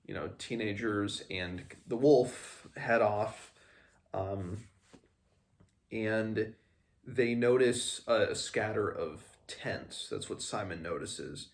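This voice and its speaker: A man's voice: lowish voice, slow pace. A man hosting a casual book discussion podcast, rambling through a chapter with fillers and self-corrections. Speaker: podcast host.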